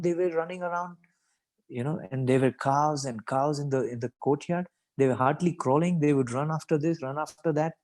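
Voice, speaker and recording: A man speaks in a reflective devotional talk at a scripture reading. His voice is mellow and dark in tone. He talks thoughtfully, wanders between points and often fills with "you know". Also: mid-range voice, poor audio. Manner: thoughtful, rambling, many "you know" asides.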